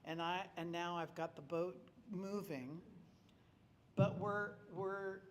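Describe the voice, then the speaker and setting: A middle-aged man shares personal stories at a memorial in a club hall, delivering a eulogy full of rambling anecdotes and frequent restarts. His voice sits high, with fairly even intonation and a slow pace. The hall is echoey, with faint ambience and slight background noise.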